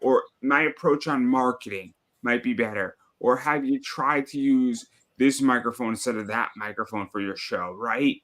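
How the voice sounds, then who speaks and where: A man's voice: mid-range voice, normal speed, hardly any pauses, fairly bright tone. A man who is a guest on a casual podcast, arguing his point in a persuasive way and checking in with "right?" again and again. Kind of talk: casual chat.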